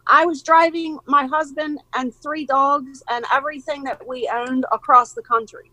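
A woman in her forties with a high, bright voice, chatting in an interview. She is an animated storyteller who acts out other people's lines and laughs easily. Her voice is recorded close and dry, with no room sound. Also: moderate pace, no room sound, low-quality recording. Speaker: guest, mother of young skateboarders. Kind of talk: casual interview chat.

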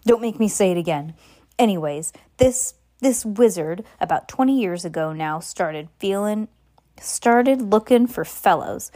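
A big, gruff and kindly giant of a man, as a woman reader puts him on, talking in a folksy country dialect that drops its endings. His voice sits at a middling pitch for the reader, plainly an audiobook character voice rather than a full performance. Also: lively intonation, unhurried, warm tone, lightly acted. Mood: storytelling. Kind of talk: amateur audiobook reading.

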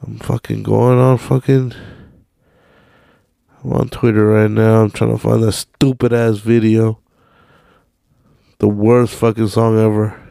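Young guy podcast host, gravelly, dry close mic, swearing and rambling while he looks stuff up. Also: on the low side, little pitch movement, unhurried, pauses often, dark tone, dry recording. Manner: profane, rambling, searching on his phone while talking. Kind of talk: casual ranting monologue.

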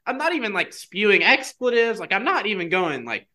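A young man chatting casually as a guest, telling a personal story in an animated way, full of "like" fillers. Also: sits high, a little fast. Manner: animated, heavy use of "like" fillers.

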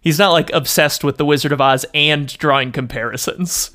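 A man's voice: a little high, normal speed, sharp tone. A man in casual conversation giving frank, opinionated critiques with some laughter. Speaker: podcast co-host. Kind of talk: casual discussion.

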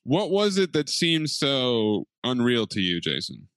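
A man co-hosting a podcast, talking in an animated, jokey way about a TV show. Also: medium pitch, a little slow, no echo. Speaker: podcast co-host. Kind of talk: casual chat about a TV show.

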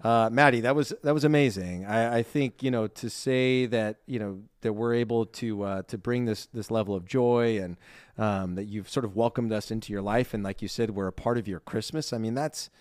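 A man co-hosting a podcast in casual chat, earnest and heartfelt, talking in halting bursts full of fillers and restarts. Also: fairly low pitch, clean tone, no echo, clean studio sound. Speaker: podcast co-host.

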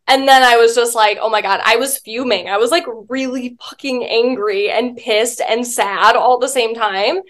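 A woman's voice: a little high, normal speed, hardly any pauses. A woman guest, a spiritual life coach, chatting casually in an interview, telling stories with lots of filler words and the odd swear.

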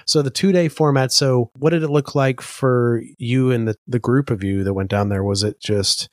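A man's voice: medium pitch, normal speed, no room sound, clean studio sound. A man co-hosting a podcast in a chatty way, full of fillers, asking follow-up questions. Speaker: podcast co-host. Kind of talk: casual podcast chat.

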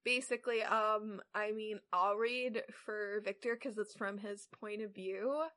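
Bright-voiced young woman reading aloud. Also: medium pitch, fairly even intonation, a little slow. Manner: hesitant, stumbling over words while reading. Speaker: podcast co-host. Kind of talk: casual chat and reading fan fiction aloud.

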